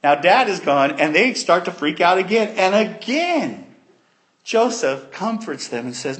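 A man preaching a sermon, retelling a story in an animated way that swings between loud and soft. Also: sits high, a little slow.

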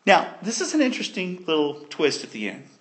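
A man preaching a sermon, retelling a story in an animated way that swings between loud and soft. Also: a little high, a little fast.

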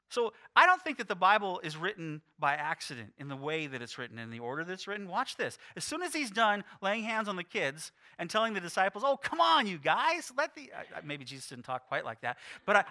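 A middle-aged man preaching a sermon, animated and playful, acting out the quotes he reads. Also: sits high. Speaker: pastor.

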